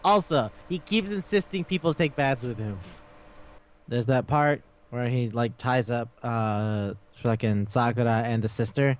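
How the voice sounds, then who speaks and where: A man co-hosting a casual podcast chat rambles through a retelling, laughing and swearing a lot. His mid-range voice is a little slow, and the recording sounds muffled.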